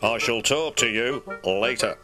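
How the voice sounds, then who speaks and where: A British man voicing a stern, no-nonsense railway boss in a children's story, blunt and brief in his scolding. Music plays softly behind him. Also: mid-range voice, unhurried, natural voice.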